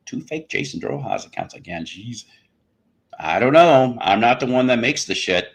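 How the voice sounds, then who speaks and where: A man with a lowish, husky, expressive voice hosts a rambling comedic livestream at a moderate pace. He cracks bad jokes, laughs at them himself, and reads out viewers' chat messages.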